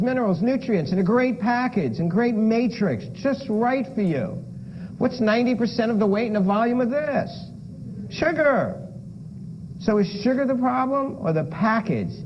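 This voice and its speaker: A man's voice: very high-pitched, very animated, a little slow. A man giving a playful lecture with props to a room of listeners, firing questions at the audience. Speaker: lifestyle medicine lecturer. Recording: dull lo-fi lecture recording with noise.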